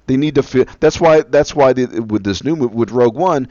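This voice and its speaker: A man in casual conversation, expressive with dry humor. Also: mid-range voice, a little fast, no room sound. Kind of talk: casual chat. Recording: dull lo-fi sound.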